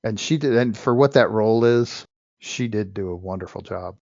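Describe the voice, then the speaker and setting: Co-hosting a relaxed podcast about an old movie, this man gives frank, opinionated views and keeps restarting his sentences. His lowish, darkish voice moves at normal speed, on a dry recording with the highs cut off.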